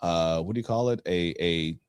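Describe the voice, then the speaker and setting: A middle-aged man hosting a podcast, telling a personal story in a casual, animated way and acting out the dialogue. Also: low voice, moderate pace, smooth, dry recording. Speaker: podcast host.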